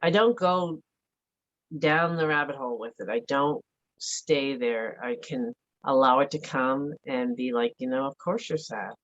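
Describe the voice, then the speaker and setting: A middle-aged woman with a low voice talks earnestly and reflectively as an interview guest, often pausing on "like". She comes through a video call, and the audio is dull and lo-fi. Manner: earnest, reflective, frequent "like" fillers. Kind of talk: candid conversational interview.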